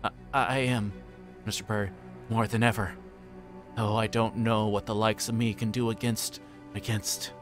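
A man's voice: fairly low pitch, little pitch movement, normal speed, music in the background, close to an everyday voice. Guy voicing a nervous stammery innkeeper, fussy and flustered, storybook reading. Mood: scared. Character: anxious stout middle-aged male innkeeper, fussy.

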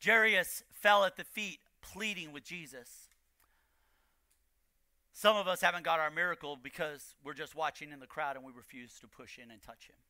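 A man preaching a sermon as pastor, building to shouted emphasis and repeating key lines. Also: on the high side, normal speed, no echo, studio quality. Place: church.

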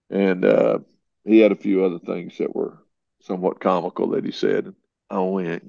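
A middle-aged man, a podcast guest, telling folksy stories in a conversational way and breaking into lively voices when he quotes people. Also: low-pitched, normal speed, gravelly, dry recording. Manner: folksy, animated when quoting others. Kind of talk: conversational storytelling. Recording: dull, slightly lo-fi sound.

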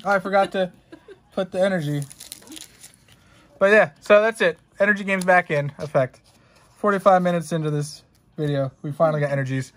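A man's voice: sits high, fairly even intonation, a little fast, long pauses, fairly bright tone. Jokey young man rambling through an unboxing. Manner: rambling, jokey and profane, talking to chat. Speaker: streamer unboxing trading cards. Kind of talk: casual unboxing commentary.

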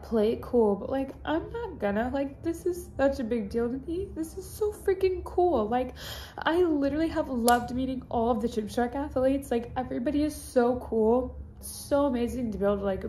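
A woman's voice: high voice, warm tone, a little hiss or hum. Teary young woman on a phone mic. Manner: gushing, heavy use of "like". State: teary, crying voice. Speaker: fitness influencer. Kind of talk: casual vlog confession.

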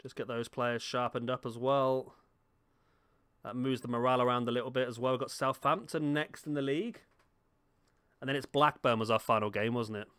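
Brisk and steady, his mid-range voice carries a fairly bright, clear, resonant tone. A gaming YouTuber sits in a home room giving laid-back commentary on a football match, talking at the players on the screen and teasing himself.

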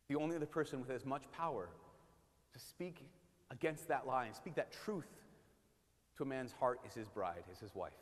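A man preaching as a priest, in an animated, joking way that slips into impressions. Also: mid-range voice, moderate pace. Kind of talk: sermon. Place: church. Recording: long church reverb.

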